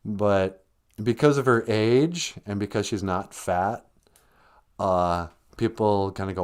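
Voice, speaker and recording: A man's voice: lowish voice, unhurried, clear, resonant tone. A man hosting a comedic live-stream language lesson, teasing a pretend caller in a blunt, chatty way. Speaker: Ojibwe language teacher and host.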